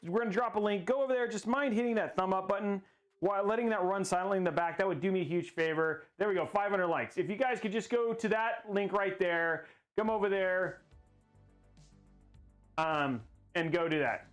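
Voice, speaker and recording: A man with a high voice speaks fairly quickly as he hosts a casual livestream and builds a PC. His talk to chat is rambling and goofy, full of jokes and laughter at himself, with faint music audible behind him.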